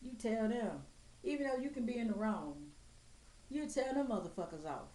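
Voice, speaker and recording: A woman's voice: on the high side, big pitch swings, moderate pace, mellow. Blunt, profane woman ranting in an echoey room. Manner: blunt, profane, straight-talking. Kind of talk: blunt profane rant to camera. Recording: echoey room with faint ambient noise.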